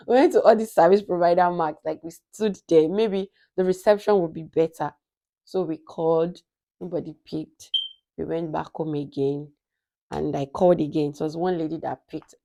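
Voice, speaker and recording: A young woman with a Nigerian accent tells a personal story to her vlog viewers, lively and animated, playing out each conversation. Her voice sits low and sounds soft and mellow. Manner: animated, acts out quoted dialogue. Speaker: vlogger. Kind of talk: casual storytelling.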